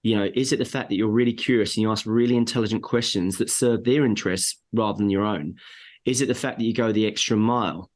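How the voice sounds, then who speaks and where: A man's voice: on the low side, steady tone, fast talker, a little mellow. A man who is a sales trainer, a guest on an interview podcast, talking in an emphatic, coaching way and firing off rhetorical questions over a remote call. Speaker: sales and marketing trainer for agriculture.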